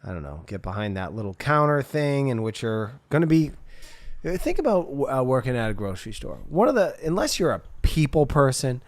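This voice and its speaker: A man's voice: mid-range voice, fairly quick, dry recording. Chatty podcast guy riffing, dry sound, voice swings all over. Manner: lively, rambling, jokey riffing. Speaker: podcast co-host. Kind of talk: casual chat.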